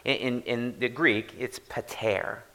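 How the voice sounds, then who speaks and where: A man preaching a sermon as pastor, in a conversational, animated way that often repeats and rephrases. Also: medium pitch, slow.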